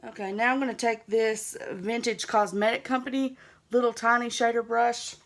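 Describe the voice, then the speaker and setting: A woman's voice: fairly high pitch, level tone, moderate pace. A young woman with a Southern US accent, chatting easygoing and self-teasing as she narrates a makeup tutorial. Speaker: beauty vlogger.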